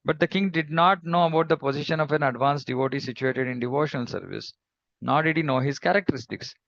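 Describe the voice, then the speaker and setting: A man giving a devotional scripture class in a reflective, measured way, pausing often and humming between thoughts. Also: a little high, vocal fry, a bit bright, no room sound, lo-fi sound. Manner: reflective, measured, with pauses and hums. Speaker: scripture teacher.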